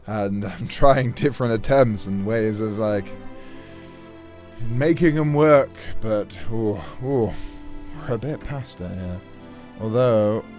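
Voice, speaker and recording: A man's voice: fairly low pitch, animated, slow pace, pauses often, darkish tone, soft background music. Self-mocking Yorkshire man, strained voice. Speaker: impressionist youtuber. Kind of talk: comedic chat between impressions.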